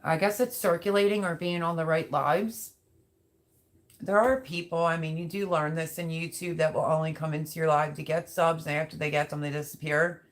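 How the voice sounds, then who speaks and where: A woman's voice: low voice, fairly even intonation, normal speed. Woman, live-stream host, casual and rambling, speaks directly to chat. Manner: chatty, rambling, talks straight to viewers. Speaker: livestream host reading chat.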